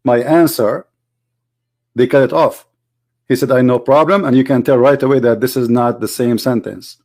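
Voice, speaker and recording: A man's voice: medium pitch, darkish tone. A man with an English, mocking and argumentative, commenting over a replayed debate video and repeating his points. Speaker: online debate host.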